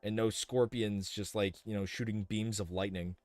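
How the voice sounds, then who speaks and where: A man's voice: lowish voice, fairly even intonation, normal speed, darkish tone, no echo, faint music behind. A young man casually thinking aloud as he streams a building game, rambling with many fillers and restarts. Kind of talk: casual live-stream commentary while building.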